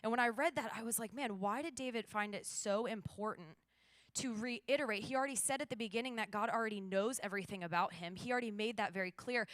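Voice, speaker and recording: A young woman giving a morning church devotional, telling a story with lively acted-out dialogue. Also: a little high, dry recording. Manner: animated storyteller, acts out dialogue.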